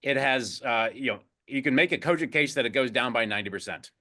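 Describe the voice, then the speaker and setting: A man, an investment chief, talking as a guest on a finance show, halting with many restarts and fillers. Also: mid-range voice, pushed and bright. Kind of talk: casual interview talk.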